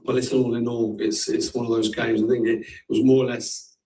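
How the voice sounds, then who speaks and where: A man speaking as a football manager in a post-match interview, measured and plain-spoken. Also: medium pitch, level tone, warm tone. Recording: distant mic.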